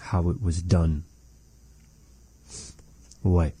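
A man teaching a language lesson, measured and repeating phrases to model how they are said. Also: sits low, little pitch movement, mellow, breathy edge.

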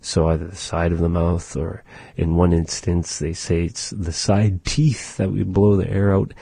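A man teaching his people's language, going slowly and patiently, with many pauses, and repeating words for practice. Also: sits low, little pitch movement, gravelly, mellow, husky, no room sound. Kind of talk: pronunciation lesson.

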